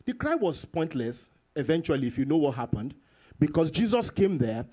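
A man preaching a sermon to his congregation, repeating phrases for emphasis and jumping into sudden high bursts and chuckles. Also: very animated, normal speed, dark tone. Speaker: pastor.

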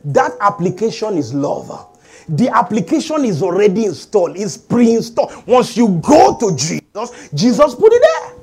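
A middle-aged man preaching a sermon as pastor, animated and calling for amens from the congregation. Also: high voice, moderate pace. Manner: animated preaching with call-and-response.

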